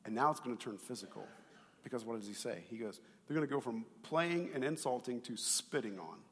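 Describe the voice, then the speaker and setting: Briskly and in a mid-range voice, a man preaches as pastor, animated and chatty in tone. He swings from loud emphasis to quiet asides and asks questions of the congregation, with long hall reverb audible throughout.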